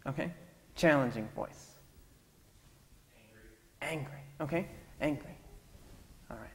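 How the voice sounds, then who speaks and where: This pastor's voice sits fairly high, with a fairly bright tone and a slightly slow delivery. He keeps his sermon interactive and conversational, urging the congregation to shout out answers, while long hall reverb and faint ambience fill the sanctuary.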